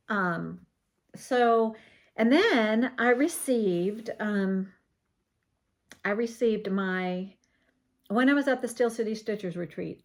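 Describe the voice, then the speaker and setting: A woman's voice: medium pitch, darkish tone. A middle-aged woman from Virginia chatting casually as she shows crafts on her vlog, gushing, with frequent ums. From Virginia, USA. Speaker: craft vlogger. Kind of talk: casual show-and-tell vlog.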